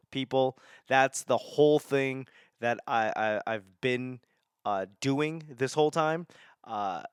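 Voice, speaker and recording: A man's voice: medium pitch, fairly bright tone, smooth, dry recording, studio quality. A young man from New England hosting a podcast, rambling casually with self-mocking humor, frequent swearing and laughter. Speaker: podcast host. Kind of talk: casual monologue.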